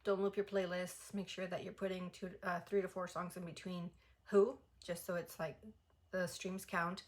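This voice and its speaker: A young woman, a music reaction vlogger, talks through a casual album review in a fairly low voice with little pitch movement at normal speed. She is chatty and gushing, using lots of "like" fillers.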